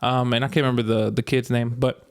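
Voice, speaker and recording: A man co-hosting a casual podcast, with a voice of middling pitch. He laughs often and rambles through loose, filler-heavy stories. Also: flat delivery, quick pace, clear, resonant tone. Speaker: podcast co-host. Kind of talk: casual chat.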